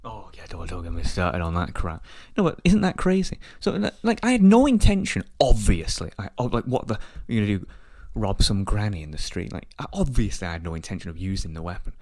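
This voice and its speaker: A man hosting a podcast, talking in an animated, profane way full of restarts. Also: fairly low pitch, a little fast, hardly any pauses, no echo, studio quality. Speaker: podcast host. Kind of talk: casual opinionated chat.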